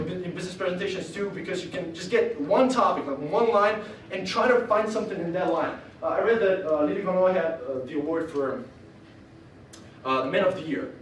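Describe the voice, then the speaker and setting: A man's voice: high-pitched, a little hiss or hum. A young man giving a humorous talk on stage, rambling with lots of fillers and laughter, recorded from far off in a lecture hall. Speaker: speaker.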